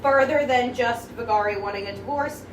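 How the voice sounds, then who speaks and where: Young woman reading bits of a book and acting out lines, high voice, echoey room a bit away from the mic. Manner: retells scenes with quick acted-out quotes, laughs often. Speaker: book club co-host. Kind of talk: casual chat, reading aloud from a novel. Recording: roomy echo, distant from mic, faint hiss.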